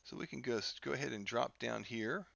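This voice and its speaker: A man teaching a software lesson over a screen recording, talking haltingly with many fillers and restarts. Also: medium pitch, gravelly, no room sound, muffled recording. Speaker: instructor.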